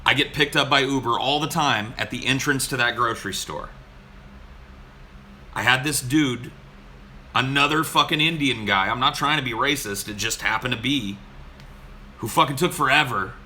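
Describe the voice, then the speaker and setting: A man's voice: mid-range voice, normal speed, pauses often, pushed and bright, slight background noise. A man co-hosting a podcast, telling a story in a casual, exasperated way, swearing often. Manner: profane, exasperated. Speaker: podcast co-host.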